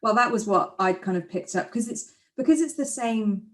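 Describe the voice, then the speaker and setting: A woman's voice: a little high, expressive. Chatty woman reviewing a horror film. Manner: chatty, opinionated, quick asides. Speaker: podcast co-host. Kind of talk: casual film review chat.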